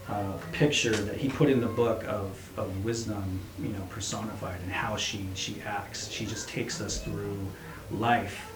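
A man reading a story aloud and then reflecting on it as a preacher, with hesitant restarts. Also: fairly low pitch. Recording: roomy echo, faint hum.

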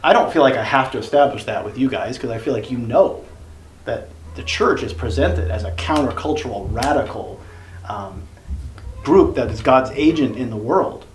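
A man's voice: medium pitch, animated, moderate pace. Rambling man leading a church group. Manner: rambling, many fillers and self-corrections. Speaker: church small-group leader. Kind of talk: casual teaching discussion. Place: basement meeting room. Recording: roomy echo, faint background noise.

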